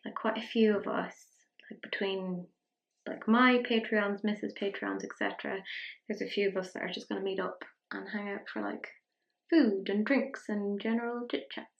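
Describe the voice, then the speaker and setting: A woman's voice: medium pitch, steady tone, normal speed, creaky, dull audio. A young Irish woman chatting casually through a makeup tutorial, with a self-mocking, rambling manner. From Ireland. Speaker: beauty vlogger. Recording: echoey room.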